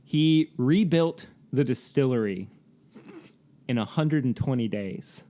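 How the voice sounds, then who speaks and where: Warm and animated, this medium-pitched male voice takes its time. He's a co-host on a laid-back podcast, reading out facts in a chatty way, peppered with fillers and laughter.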